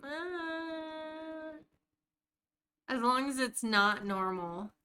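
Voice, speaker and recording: A woman's voice: sits high, steady tone, extremely slow, pushed and bright. An American woman streaming a game live, chatting casually and talking to her viewers by name while she plays.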